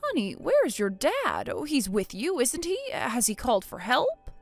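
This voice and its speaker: A woman voicing a calm, shrewd grandmother who soothes a child and needles her son-in-law. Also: fairly high pitch, unhurried, vocal fry, dry recording, faint music behind, heavily acted. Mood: caring.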